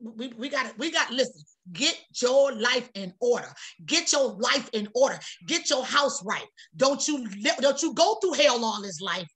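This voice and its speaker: Fiery high-voiced preaching woman. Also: animated, moderate pace, few pauses, fairly bright tone. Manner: fiery, folksy preaching with repetition. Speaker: prophetess. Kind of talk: preaching on a prayer broadcast.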